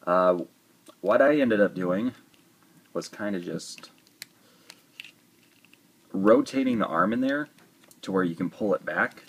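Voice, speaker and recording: A man talks through a toy review in a loose, rambling way, tossing in joking asides. His voice sits low and has a husky grain. The delivery stays easygoing and conversational. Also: animated, slow, long pauses. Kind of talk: casual review talk.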